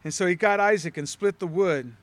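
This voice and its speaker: A man's voice: high voice, brisk, no echo. A man teaching a Bible study in a conversational way, putting questions to his listeners.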